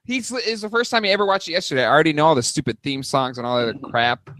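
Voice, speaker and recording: A man co-hosting a casual podcast with a lively, swooping voice. He tells family stories with sarcasm, recorded close and dry. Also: on the high side, racing, dry recording. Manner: sarcastic, animated storytelling. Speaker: podcast co-host. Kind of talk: casual chat.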